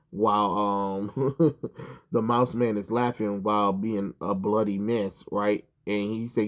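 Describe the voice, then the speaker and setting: A man's voice: fairly low pitch, steady tone, unhurried. A man recapping a comic book in a casual vlog, rambling, swearing and full of ums and restarts.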